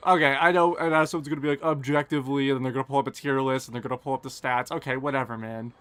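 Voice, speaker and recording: A young man, streaming a game live and chatting casually and quickly with his viewers, joking at his own expense. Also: mid-range voice, steady tone, fairly bright tone, smooth, no echo. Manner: fast, casual, self-deprecating chatter. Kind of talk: live gameplay commentary and chat Q&A.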